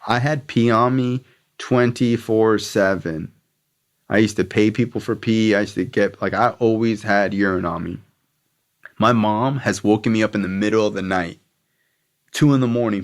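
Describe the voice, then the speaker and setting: A man's voice: lowish voice, steady tone, moderate pace. A young man, a podcast guest, telling a blunt, profane story about his past in a casual way.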